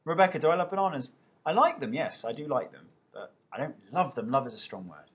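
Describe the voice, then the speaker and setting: A young man talking into a webcam during a live fan Q&A. He rattles off viewers' names and answers each one in an easy, chatty way, with a voice sitting at an ordinary middle pitch. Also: big pitch swings, fast talker, slightly rough. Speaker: TV host answering fan questions.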